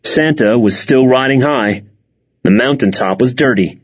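Slow, husky male audiobook narrator. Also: mid-range voice, highs cut off. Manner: measured, tense storytelling. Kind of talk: first-person audiobook narration.

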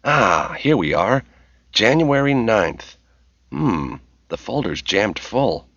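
A man's voice: fairly low pitch, sing-song, takes it slowly, fairly bright tone, no room sound, dull audio, voice pushed up, heavily acted. A male audiobook narrator voicing a nervous young man caught snooping through files.

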